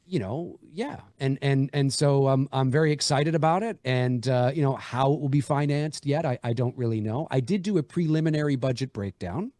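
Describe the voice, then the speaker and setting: A man's voice: mid-range voice, moderate pace, hardly any pauses, dark tone, no room sound. Rambling man chatting about his film. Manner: rambling, many fillers and restarts. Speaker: indie horror filmmaker. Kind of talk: casual livestream chat.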